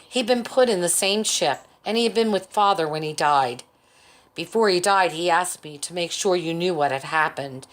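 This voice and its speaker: A woman reading a chapter of a novel as an audiobook, measured, lifting her voice for the quoted characters. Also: low-pitched. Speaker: audiobook reader. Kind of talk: audiobook narration.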